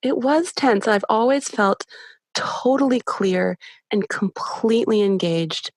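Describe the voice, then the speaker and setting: A woman's voice: medium pitch, expressive, no echo, studio quality. Candid woman retelling a birth story. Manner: candid, halting, full of restarts. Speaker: podcast guest. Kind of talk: personal storytelling.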